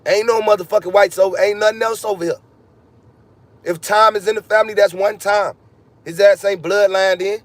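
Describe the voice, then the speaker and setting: A man's voice: high-pitched, fairly even intonation, brisk, dry recording. A man delivering a heated, profane, freewheeling podcast monologue, ranting and swearing constantly. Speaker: podcast host.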